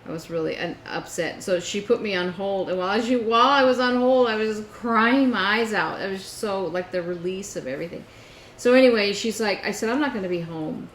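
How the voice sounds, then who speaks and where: Co-host, woman, animated storyteller, echoey room. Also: medium pitch, brisk. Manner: animated storytelling, acts out phone calls. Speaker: podcast co-host. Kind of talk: casual chat. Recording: echoey room with faint noise.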